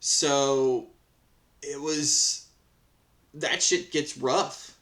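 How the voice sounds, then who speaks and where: A man with a mid-range, fairly bright voice reads Reddit stories aloud and reacts in casual commentary, drawing out his words with fairly even intonation. He swears freely and rants heatedly, rambling with frequent restarts.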